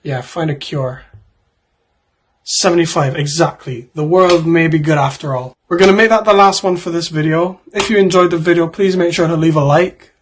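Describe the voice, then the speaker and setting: A man's voice: on the high side, moderate pace, a little hiss or hum. A man in his twenties, a YouTuber, reading out would-you-rather questions and answering them in a rambling, joking way with offhand asides.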